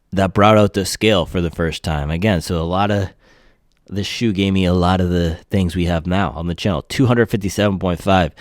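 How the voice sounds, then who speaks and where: An excitable man with a low voice hosts a casual shoe review vlog. He talks freely, tossing in slangy exclamations as he goes. The sound is dry and close, with no room in it. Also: dry recording.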